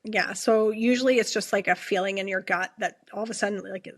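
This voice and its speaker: A Canadian ER nurse, appearing as a podcast guest, tells a personal story in an earnest way, often restarting and repeating her questions. Her medium-pitched voice is steady and fairly quick, captured in a dry recording.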